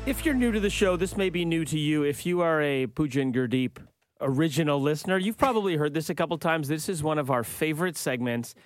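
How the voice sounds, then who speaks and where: A man's voice: fairly high pitch, expressive, quick pace, dry recording, soft background music. A man co-hosting a radio show, talking in playful, teasing banter from a studio.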